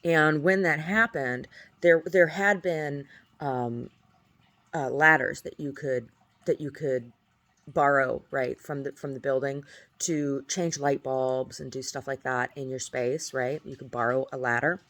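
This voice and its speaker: A woman's voice: a bass voice, a little slow, fairly bright tone. Rambling aggrieved woman. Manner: rambling and aggrieved, often restarting phrases. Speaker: video diarist. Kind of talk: casual video diary.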